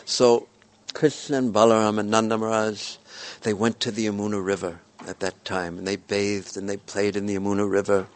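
A man telling a devotional story in a gentle, repetitive storytelling manner. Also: on the low side, level tone, moderate pace.

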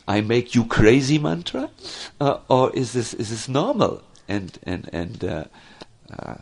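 A man giving a devotional lecture, telling stories slowly, with frequent fillers and restarts. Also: mid-range voice, creaky. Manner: slow, animated storytelling with many fillers and restarts. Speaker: spiritual teacher.

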